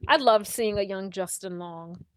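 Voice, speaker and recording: A woman's voice: medium pitch, unhurried, clear, resonant tone, no room sound, studio quality. A young woman co-hosting a podcast, casually retelling a movie plot and acting out the characters' lines. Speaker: podcast co-host.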